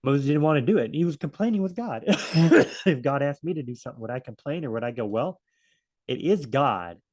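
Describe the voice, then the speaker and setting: A man's voice: fairly high pitch, expressive, fast, darkish tone. Rambling man teaching the Bible. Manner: rambling and self-correcting, acts out quotes in different voices. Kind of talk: casual spoken Bible study.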